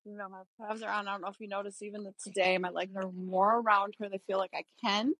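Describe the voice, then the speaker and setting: A woman trainer narrates from horseback, walking through each cue as she rides. Her voice has a gravelly edge and sits close and dry. She talks in a relaxed, explanatory way. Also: medium pitch, fast, no room sound, poor audio. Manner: relaxed, explanatory, thinking aloud while riding. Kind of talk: riding lesson narration while mounted. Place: outdoors on horseback.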